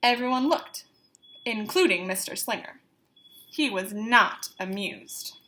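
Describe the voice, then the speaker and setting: Bright, slow-reading female teacher. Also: mid-range voice, slight background noise. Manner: expressive, slow, pausing to teach vocabulary. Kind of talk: storybook read-aloud to students.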